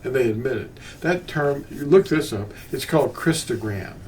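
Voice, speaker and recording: A man's voice: mid-range voice, lively intonation, normal speed, darkish tone. An older man teaching about scripture in a meandering, unscripted way, often restarting his sentences. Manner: meandering, with frequent restarts and asides. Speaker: bible teacher. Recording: distant mic with faint ambient noise.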